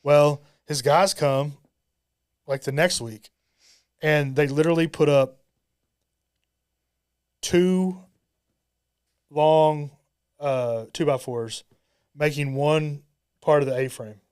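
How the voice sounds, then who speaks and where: Clear-voiced man spinning a story. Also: a little high, fairly even intonation, slow pace, long pauses, a little mellow. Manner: storyteller acting out quoted dialogue. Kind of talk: casual podcast chat. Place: podcast studio.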